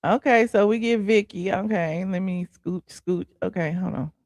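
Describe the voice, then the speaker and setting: Sassy gravelly-voiced woman gossip host. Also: mid-range voice, moderate pace, a little mellow. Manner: sassy, chatty, says "honey" and "okay". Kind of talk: casual celebrity gossip livestream.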